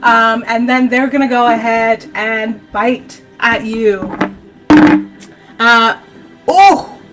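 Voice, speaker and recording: A woman with a higher voice runs a tabletop game on a stream, taking her time over each call. She chats and jokes, often poking fun at herself. Faint dramatic music plays behind her. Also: slow, a bit bright. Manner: chatty, jokey and self-mocking. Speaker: game master.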